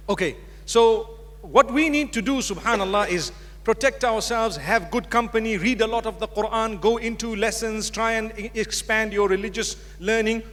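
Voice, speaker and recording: A man with a high voice gives a religious lecture to a hall audience. He talks to the crowd directly and mixes humor into his advice. A long reverb from the lecture hall hangs on every phrase. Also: a bit bright. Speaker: Islamic preacher.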